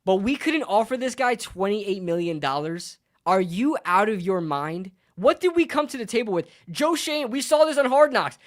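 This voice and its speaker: A male sports streamer in a fired-up rant. He swears freely and hammers each point with repeated phrases, swinging between shouting outrage and muttered disbelief. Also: high voice, animated, normal speed, hardly any pauses. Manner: heated, profane, repeats lines for emphasis. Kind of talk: live sports reaction rant.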